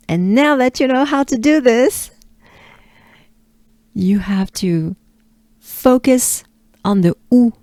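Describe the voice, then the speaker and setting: French-accented woman, pronunciation coach, very slow patient drills, soft mellow voice, dry close sound. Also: mid-range voice, lively intonation, no room sound. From France. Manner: patient, coaxing, repeats sounds slowly with breathy asides.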